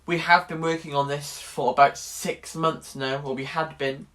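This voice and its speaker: A man's voice: fairly high pitch, steady tone, normal speed, a bit bright. A young man in his late teens chatting wryly in a casual vlog about his drama course. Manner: chatty and wry, restarts sentences. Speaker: drama student vlogger.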